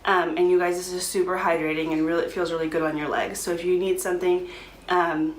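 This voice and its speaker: A woman's voice: lowish voice, little pitch movement, fast talker, slight background noise. Chatty young woman in echoey room. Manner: chatty, frequent laughs and ums. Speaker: vlogger. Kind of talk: casual pregnancy update vlog.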